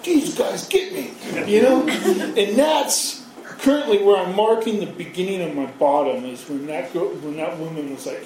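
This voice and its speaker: A man in his thirties tells his story in a rambling, self-mocking way, swearing freely. His voice sits high for a man. It reaches the mic from a distance in a hall with heavy echo, with faint noise behind. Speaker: speaker sharing his recovery story. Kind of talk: personal storytelling. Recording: very echoey hall, from far off.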